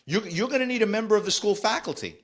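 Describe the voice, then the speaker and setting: Shrill bossy school administrator, as a man puts her on. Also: expressive, quick pace, fairly bright tone. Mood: fussy insistent. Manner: whiny, insistent, rule-quoting. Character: fussy, bossy middle-aged female school administrator.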